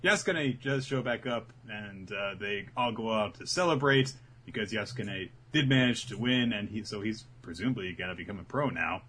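A man's voice: fairly low pitch, expressive, moderate pace, few pauses, sharp tone, a little hiss or hum. A man casually recapping episodes as a podcast co-host, acting out the characters' lines as he tells the story. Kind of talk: casual chat.

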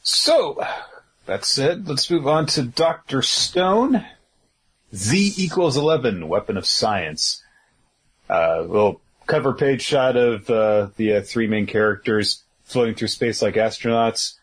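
A man's voice: mid-range voice, expressive, slow, a bit bright, breathy edge. A man co-hosting a casual podcast, recapping comic chapters in a laid-back way with lots of fillers and the odd chuckle. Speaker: podcast co-host. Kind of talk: casual manga chapter discussion.

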